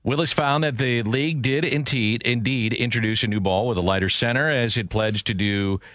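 A man's voice: mid-range voice, moderate pace, fairly bright tone, no room sound, studio quality. A man hosting a sports radio show, chatting in a rambling, conversational way. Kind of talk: casual sports talk.

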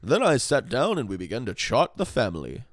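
A man voicing a snobby male city doctor in a comedy podcast bit, with a slow, snooty delivery. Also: mid-range voice, huge pitch swings, no echo, clean studio sound.

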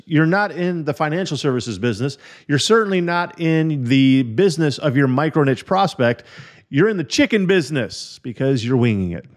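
A man hosting a podcast, talking straight to listeners, emphatic and fond of repeating key phrases and asking questions. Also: fairly high pitch. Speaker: podcast host. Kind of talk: energetic podcast monologue.

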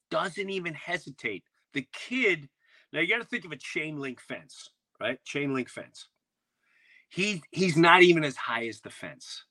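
A man hosting a podcast, telling a neighborhood story in casual chat and acting out quotes with loud, animated outbursts. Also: mid-range voice. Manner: animated, acts out shouted quotes. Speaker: podcast host.

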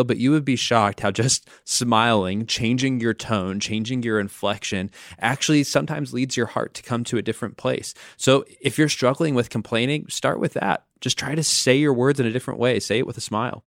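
A middle-aged father co-hosting a faith podcast, speaking in a practical, warm, advising manner. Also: medium pitch, brisk, few pauses, dry recording, studio quality. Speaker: pastor co-host. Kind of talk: podcast conversation.

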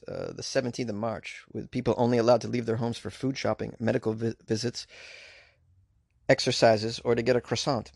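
Gravelly man riffing on odd news. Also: mid-range voice, dry recording, studio quality. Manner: crude, sarcastic riffing with asides. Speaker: podcast host. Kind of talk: comedic news commentary.

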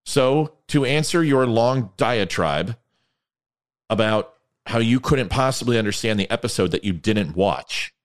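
A man's voice: medium pitch, lively intonation, a little slow. A man hosting his own show in a casual monologue. He rambles and gets sarcastic. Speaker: podcast host.

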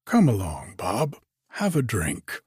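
A man reading aloud and voicing a hunted, evasive innkeeper who talks slowly and repeats himself. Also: on the low side, huge pitch swings, darkish tone, breathy edge, no room sound, studio quality, exaggerated voice. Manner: slow, hesitant and repetitive.

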